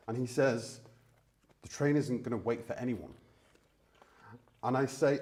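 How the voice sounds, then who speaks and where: A man's voice: medium pitch, fairly even intonation, unhurried, pauses often, darkish tone. A man guest on a livestream, telling a rambling anecdote and quoting himself. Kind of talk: casual chat.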